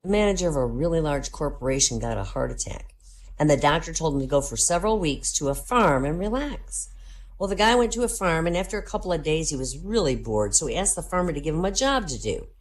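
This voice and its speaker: A woman's voice: deep voice, expressive, quick pace. A woman telling a string of jokes in a voice-chat comedy show, steadily building each one to its punchline.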